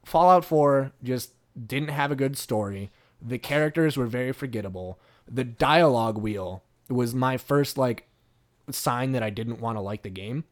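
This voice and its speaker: A man hosting a podcast in casual chat, animated and profane, with lots of fillers. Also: mid-range voice, normal speed. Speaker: podcast host.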